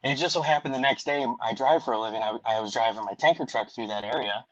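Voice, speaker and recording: A man's voice: medium pitch, quick pace, no echo, dull audio. A man hosting a podcast in casual chat, a rambling storyteller with many restarts, talking from home. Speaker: podcast host.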